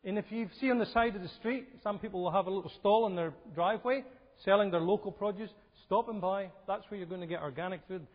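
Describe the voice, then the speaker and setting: A man's voice: high voice, quick pace. A man giving a health seminar talk in a church, conversational and asking his audience questions. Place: church hall. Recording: lo-fi recording with hall reverb.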